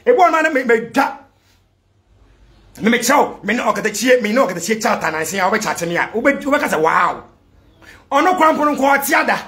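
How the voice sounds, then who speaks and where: A Ghanaian man delivering a fiery vlog rant to supporters, switching between Twi and English and breaking into shouts. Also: very high voice, very animated, fast. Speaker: political commentator addressing supporters abroad.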